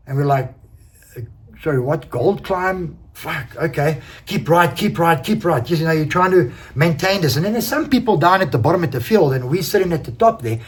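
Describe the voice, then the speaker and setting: A man, an enduro racer casually recounting a race, animated, swearing freely and acting out quoted exchanges. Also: a little high. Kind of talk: casual race recap storytelling.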